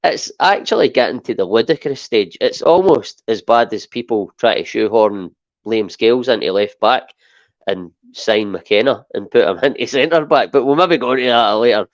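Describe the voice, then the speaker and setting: A Scottish man co-hosting a football podcast, talking in an animated, emphatic way and often tagging points with "right?". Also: medium pitch, moderate pace, dry recording, lo-fi sound. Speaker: podcast co-host. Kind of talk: casual football chat.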